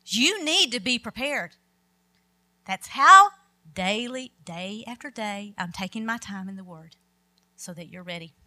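A woman's voice: on the high side, pushed and bright. A middle-aged woman preaching a sermon, emphatic and quoting scripture with rising force.

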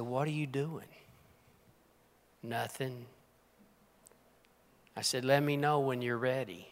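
A man preaching a sermon as pastor, dropping to hushed whispers and rising to emphatic, forceful lines. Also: a little high. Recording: long hall reverb.

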